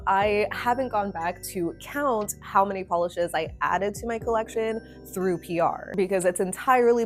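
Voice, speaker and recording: A woman's voice: mid-range voice, a little mellow. A young woman hosting her own nail polish channel, chatting to camera in a rambling, apologetic way with plenty of fillers. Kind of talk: casual talk to camera.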